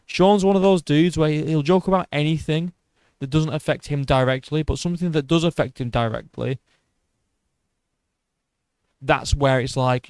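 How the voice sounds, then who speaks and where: A man's voice: a little high, normal speed, a little mellow, clean tone, no room sound. A man ranting sarcastically in commentary, mocking and exasperated. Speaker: MMA commentator.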